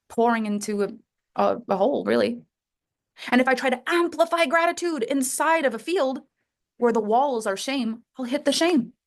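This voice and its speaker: A woman's voice: sits high, gravelly. A middle-aged woman, a life coach, talking to listeners in a coaching call and acting out inner voices with big jumps in her voice.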